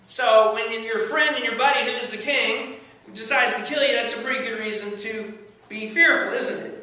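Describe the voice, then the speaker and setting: Male pastor, sermon, high sharp voice, conversational and joking, echoing church hall heard from a distance. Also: steady tone, normal speed. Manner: conversational, playful, keeps checking in with the congregation. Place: church sanctuary.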